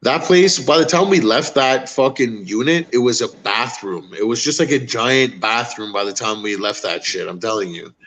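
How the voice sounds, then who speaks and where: A man's voice: medium pitch, normal speed, hardly any pauses, fairly bright tone. Rambling man, casual swearing chat. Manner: rambling, swearing, lots of fillers. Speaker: podcast host.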